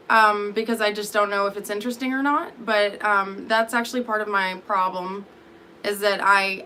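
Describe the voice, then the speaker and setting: Sleepy, rambling woman with a bright voice. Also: mid-range voice, slight background noise. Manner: rambling, profane, self-deprecating, answering chat. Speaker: vlogger talking to live chat. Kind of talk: rambling live-stream chat.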